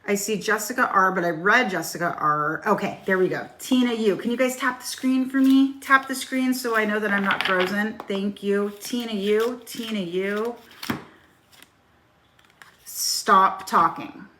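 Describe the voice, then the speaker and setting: A woman's voice: medium pitch, normal speed, few pauses, a bit bright, slight background noise. A middle-aged woman giving a casual live-stream tarot reading, talking frankly and swearing freely as she addresses viewers by name. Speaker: tarot reader. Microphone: phone.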